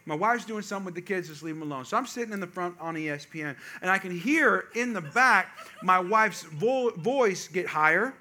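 A man's voice: sits high, slight background noise. A man telling a humorous family story to a live audience, with chatty asides to the crowd. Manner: animated, jokey asides to the audience; quick, chatty, self-interrupting. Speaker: speaker addressing a live audience.

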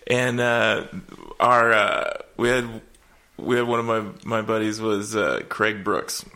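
A man's voice: fairly low pitch, steady tone, slow, bright, forceful tone. A man around forty hosting a casual chat, telling stories in a laid-back way, swearing and trailing off with fillers. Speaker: comedian, host.

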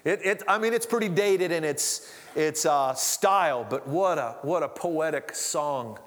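A man's voice: a little high, expressive, measured pace, fairly bright tone. Conversational man preaching in a hall. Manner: conversational, with restarts and asides. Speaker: pastor. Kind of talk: sermon. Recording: long hall reverb.

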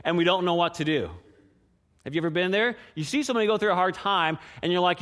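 A man preaching a sermon in a fairly high voice, talking to the congregation like a friend and firing off rhetorical questions. He swings between hushed prayer and lively emphasis. The sound carries a long reverb, as from a large church hall. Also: fast. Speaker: pastor.

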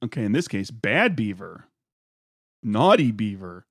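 A man with a mid-pitched, animated voice trades wry, teasing banter. The recording is dry and close. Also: unhurried, breathy edge, dry recording. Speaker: podcast co-host. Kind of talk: casual chat.

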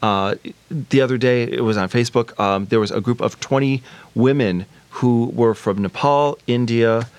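A man's voice: medium pitch, moderate pace, smooth, no echo. A man guest on a podcast in casual chat, enthusiastic and sweary. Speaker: podcast guest, shop owner.

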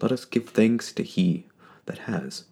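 A devout old village priest, put on by a man speaks in a low, gravelly voice that trembles and catches with feeling. The voice stays deep and rough, with a shaky, choked-up delivery. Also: animated, unhurried, mellow, full character voice. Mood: tearful awe. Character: older male village priest, devout and emotional.

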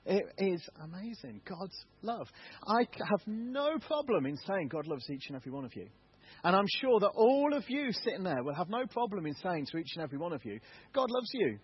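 A man's voice: high-pitched, big pitch swings, a little fast, husky, dull audio. An English man, a church elder, giving a candid, self-deprecating testimony sermon in a church. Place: church hall.

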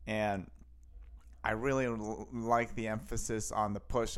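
A male podcast host talks casually about a comedy clip. He speaks slowly and rambles, with frequent halts and restarts. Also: lowish voice, fairly even intonation, smooth. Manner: rambling, halting, many restarts. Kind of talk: casual commentary.

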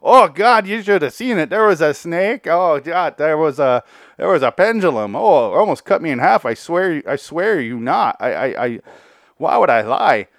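A man putting on the voice of a panicky cartoon uncle, wailing and stammering in a high, loud voice. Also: very animated, moderate pace, dry recording, studio quality. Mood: terrified wailing.

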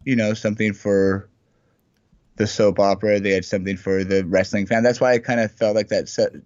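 A man co-hosting a casual wrestling podcast, relaxed and rambling. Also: fairly low pitch, a little fast, no echo. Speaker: podcast co-host. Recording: dull dry sound.

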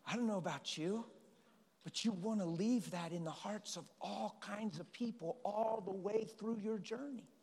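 Man, pastor, sermon, high voice, animated storytelling, church hall reverb. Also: normal speed, slightly rough.

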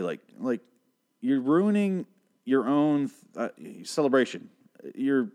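A man's voice: medium pitch, darkish tone. A man from Michigan hosting an unscripted solo podcast, rambling and swearing in an exasperated rant. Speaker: podcast host.

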